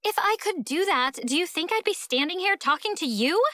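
A woman voicing a sharp-tongued teenage girl guitarist who scowls and threatens, in an audiobook. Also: sits high, big pitch swings, moderate pace, no room sound, studio quality, pitched above the performer's own voice, heavily acted. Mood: defiant.

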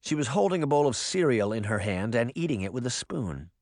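Man reading a spooky kids book out loud, lively voice, dry close mic. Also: mid-range voice, a little fast, no room sound. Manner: expressive, dramatic storytelling. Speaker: narrator. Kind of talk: audiobook narration.

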